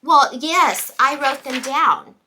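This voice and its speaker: A middle-aged woman teacher chatting on her show with a bright, forceful tone. She sounds enthusiastic and talkative, sharing classroom stories. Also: high voice, takes it slowly, slight background noise, rough recording. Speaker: teacher and podcast host. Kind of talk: casual chat.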